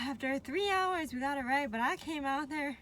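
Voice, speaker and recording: A woman vlogging casually to her viewers, chatty and animated, laughing often and a little out of breath. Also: high-pitched, moderate pace. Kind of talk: casual talk to camera.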